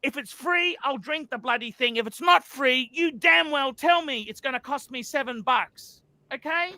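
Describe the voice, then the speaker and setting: A man's voice: very high-pitched, moderate pace, pushed and bright, no room sound. A man hosting a livestream, ranting angrily about a restaurant, swearing and repeating himself. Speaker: livestream host. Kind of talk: livestream rant.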